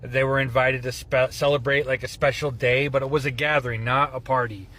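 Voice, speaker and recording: A man speaking to camera in a dry, deadpan sarcastic bit. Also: mid-range voice, a little fast. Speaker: social media poster.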